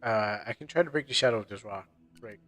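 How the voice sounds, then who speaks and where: A man's voice: lowish voice, quick pace, fairly bright tone. A man streaming a game playthrough, reading its text aloud in a subdued, hesitant way. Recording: long reverb with faint game music.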